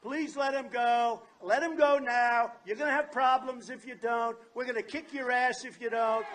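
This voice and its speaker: A man giving a campaign rally speech at an outdoor fair, boastful and repetitive, often shouting his points. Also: very high voice, steady tone, normal speed, hardly any pauses, a faint crowd, a little hiss or hum. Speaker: political candidate.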